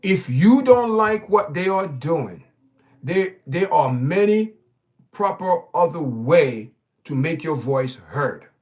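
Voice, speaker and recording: Man, host commentary, emphatic and preachy, lively swinging pitch, somewhat high. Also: takes it slowly. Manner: preachy, emphatic, repeats words and restarts. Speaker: channel host. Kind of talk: opinionated commentary livestream.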